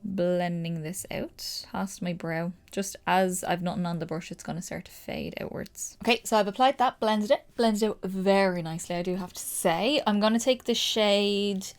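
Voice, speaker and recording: A young woman with a Dublin accent, chatting excitedly through a casual makeup tutorial with lots of fillers. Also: medium pitch, moderate pace, few pauses. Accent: Dublin Irish. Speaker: makeup creator.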